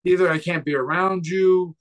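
Measured man, a fighter on a podcast. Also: sits high, steady tone, low-quality recording. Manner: measured, searching for words. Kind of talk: casual podcast conversation.

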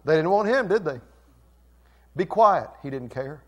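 A male pastor preaching a passionate sermon that swings between loud and soft. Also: fairly high pitch, lively intonation, quick pace.

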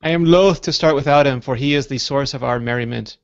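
Gravelly guy hosting a live tech podcast, jokey and teasing, kinda lo-fi sound. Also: medium pitch, fairly quick. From South Africa. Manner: playful, teasing, jumps into joke voices. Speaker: podcast host. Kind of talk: casual live podcast chat. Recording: lo-fi online call audio.

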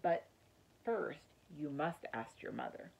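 A woman voicing a kind, friendly young boy in a children's story read aloud, speaking gently. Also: low-pitched, lively intonation, slow pace, vocal fry, breathy edge, dull audio, full character voice. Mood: thoughtful.

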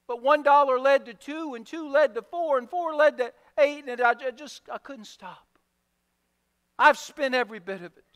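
A man's voice: moderate pace, fairly bright tone. A man voicing a guilty male servant who stammers and begs for mercy, with long hall reverb. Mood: pleading. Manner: stammering, begging, voice dropping low.

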